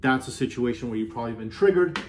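A man hosting a self-help video, talking earnestly in a casual motivational way, often repeating himself and slowing down on key phrases. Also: mid-range voice, lively intonation, slight background noise. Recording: roomy echo.

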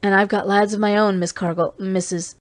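A woman reading an audiobook, voicing a gruff, blunt male service chief who talks in a growl. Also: medium pitch, flat delivery, a little fast, close to an everyday voice.

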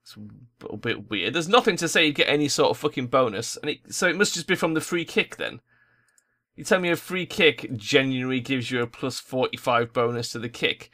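A man's voice: medium pitch, expressive, brisk, sharp tone. A young man giving sweary, frustrated commentary over a football tactics game. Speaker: gaming YouTuber. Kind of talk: gameplay commentary.

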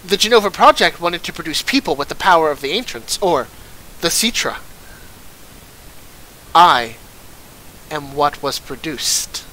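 Sephiroth, a man reading him, low and cold. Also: a little hiss or hum, low-quality recording. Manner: slow, calm and measured. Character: cold menacing male swordsman villain.

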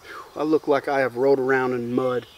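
A man, chatting casually to camera at a woodland campsite in a relaxed, rambling way. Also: medium pitch, fairly quick, slight background noise. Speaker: bushcraft vlogger. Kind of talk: casual campfire chat to camera. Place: outdoors in the woods at a campsite. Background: crickets and insects.

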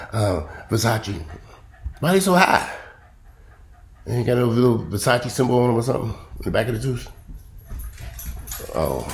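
A man's voice: low voice, vocal fry. A man, rambling bluntly and profanely to camera in a casual vlog. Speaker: vlogger. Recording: roomy echo.

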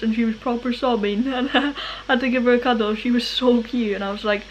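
A woman's voice: fairly high pitch, fairly even intonation, fast talker, hardly any pauses. Young woman, bubbly vlogger chat, slightly muffled sound, faint background noise. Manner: bubbly, giggly, chatty. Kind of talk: casual vlog chat.

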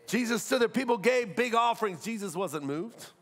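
Lively high-voiced man preaching. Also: moderate pace. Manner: animated preaching with rhetorical questions and acted-out quotes. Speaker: pastor. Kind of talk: sermon.

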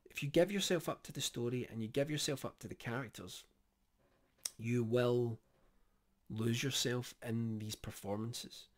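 Guy chatting about a horror show, mid-pitched, lots of ums and restarts. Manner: thoughtful, many fillers and restarts. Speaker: horror reviewer. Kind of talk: casual spoken review.

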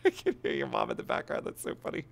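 A man live-streaming in casual chat, excitable and laughing often as he coaches a friend, cursing freely. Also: mid-range voice, a little fast, vocal fry, a little hiss or hum.

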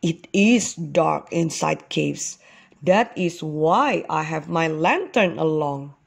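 A woman voicing a gentle, careful father ox in a storybook, giving calm, instructive reminders. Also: sits low, slow, gravelly, husky, voice pushed down, heavily acted.

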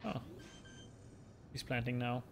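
German streamer with a gravelly voice. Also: male voice, medium pitch, takes it slowly, background noise. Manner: relaxed, joking, talks to teammates and viewers. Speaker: streamer playing a shooter game. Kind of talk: casual gaming chat switching between English and German.

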